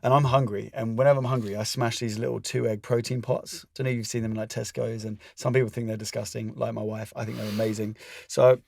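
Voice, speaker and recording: A man's voice: medium pitch, level tone, fast, gravelly, darkish tone, no room sound, clean studio sound. A man co-hosting a parenting podcast, telling a story in casual chat and laughing at his own mishaps. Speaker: podcast co-host.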